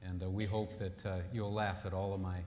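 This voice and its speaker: In an echoey hall, a man delivers a humorous marriage seminar talk, a jokey storyteller who acts out the quotes in his stories and mixes in scripture. His voice is deep with little pitch movement and a fairly quick pace, and the recording is very noisy.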